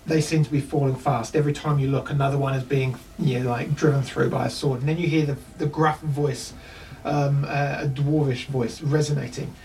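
A man's voice: medium pitch, flat delivery, brisk, vocal fry, darkish tone. A man with a New Zealand accent, narrating a tabletop game as game master, rambling with many ums and restarts. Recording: distant mic with faint noise.

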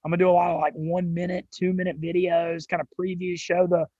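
A young man with a Southern drawl, telling his story as an interview guest in an excited, quick way with some cursing. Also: sits high, slightly rough, no echo, dull audio. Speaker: sports radio and gambling show host, guest.

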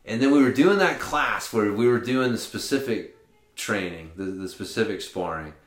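A man's voice: on the low side, expressive, normal speed, roomy sound. A man co-hosting a podcast in casual chat, rambling with restarts and swearing freely. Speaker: podcast co-host.

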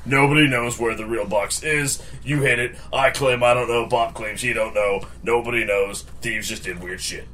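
A man's voice: mid-range voice, steady tone, pushed and bright. Man, tabletop player, in character, scheming, rambling patter, faint background noise. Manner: fast, scheming, explains plans in a rambling patter.

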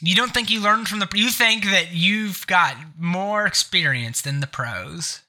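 A man's voice: high voice, measured pace, bright, forceful tone. A man with a stuffed-up nose hosting a casual gaming podcast, joking and sarcastic as he rambles. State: congested nose. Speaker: podcast host.

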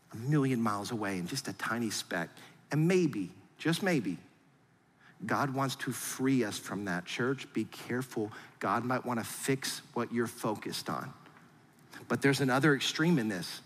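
Male pastor preaching a sermon; high, bright, forceful voice, animated, acts out voices, echoing church hall. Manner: animated, acts out angry voices, then drops low and soft for serious points.

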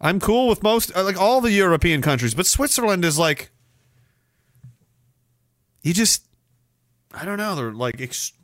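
A man hosting a livestream, reading chat and ranting in a sarcastic, profane way, dropping to mumbles and rising to loud outbursts. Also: sits high, sing-song, unhurried, long pauses, no echo, studio quality.

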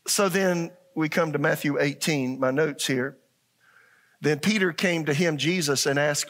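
A middle-aged male pastor preaches a sermon in a fairly high-pitched voice at normal speed. He's animated, acting out voices and putting questions to the congregation.

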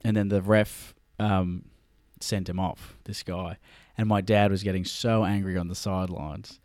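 A man's voice: low-pitched, level tone, measured pace, a little mellow, dry recording, studio quality. A man co-hosting a casual podcast, telling stories animatedly and laughing often. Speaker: podcast co-host. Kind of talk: casual chat.

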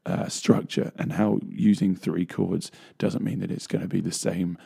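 Gravelly low-voiced man chatting. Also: level tone, normal speed, warm tone. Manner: rambling, laughs often, trails off with fillers. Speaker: co-host, bass player. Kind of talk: casual chat. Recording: radio show studio mic.

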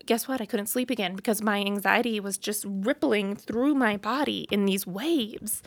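A woman's voice: on the high side, dry recording. A woman in her thirties telling her personal story to camera in a frank, chatty way, full of fillers. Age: 30s. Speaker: vlogger.

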